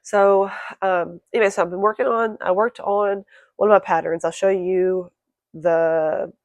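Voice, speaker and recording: Croaky, gravelly woman crochet vlogger. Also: mid-range voice, steady tone, a little mellow, no echo, highs cut off. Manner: chatty, self-correcting, talks fast. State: croaky, clearing throat. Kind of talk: casual chat to camera.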